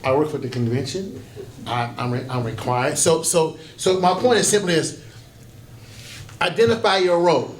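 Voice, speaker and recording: In a conference breakout room, a pastor in his fifties tells stories in a folksy workshop talk, acting out quoted voices along the way. He speaks at a normal speed in a voice on the high side. The recording has echo and faint background noise.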